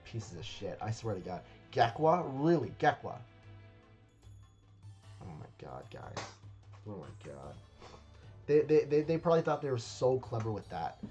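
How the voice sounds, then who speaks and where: A man's voice: lowish voice, lively intonation, moderate pace, warm tone, muffled recording, faint music behind. A man reacting to a game trailer in casual commentary, rambling and hesitant with lots of fillers and repeated words, recorded at a home webcam setup.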